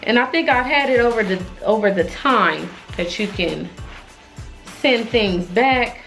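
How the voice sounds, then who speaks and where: A young woman chatting casually, expressive and exclaiming, talking straight to viewers. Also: on the high side, a little slow, creaky, over music, low-quality recording. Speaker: fashion vlogger. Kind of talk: casual try-on haul chat.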